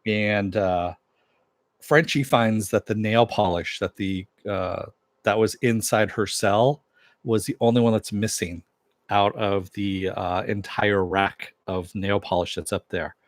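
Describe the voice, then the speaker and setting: On a dry recording, a man with a lowish voice speaks slowly with fairly even intonation. As a TV episode reviewer, he rambles casually through a recap, acting out scenes in quoted dialogue laced with lots of swearing.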